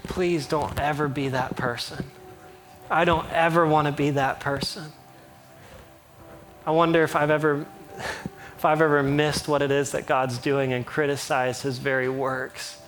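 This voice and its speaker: A man preaching a sermon in an animated way, with playful asides and acted-out quotes. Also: a little high, measured pace, soft background music. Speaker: pastor.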